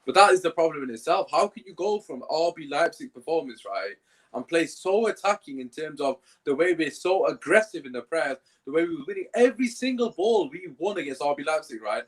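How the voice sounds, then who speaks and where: A man's voice: fairly high pitch, expressive, a little fast. A young man co-hosting a football fan reaction chat, speaking in a frustrated, emphatic way. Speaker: fan channel co-host.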